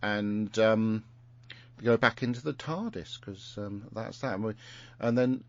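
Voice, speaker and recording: A man's voice: lowish voice, unhurried, slight background noise. Rambling man recapping an episode. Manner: rambling, many fillers and restarts. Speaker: podcast host. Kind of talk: casual chat recapping an episode. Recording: muffled lo-fi recording.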